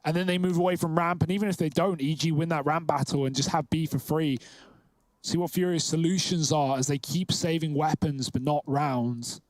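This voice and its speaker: A man calling live esports play-by-play, quick and chatty as he breaks down tactics. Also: fairly high pitch, steady tone, no echo. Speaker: esports caster.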